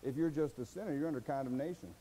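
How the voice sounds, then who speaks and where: A man's voice: medium pitch, fast, warm tone, poor audio. A man with an American accent preaching a sermon as pastor, folksy and exhorting, asking rhetorical questions and mimicking his listeners' excuses.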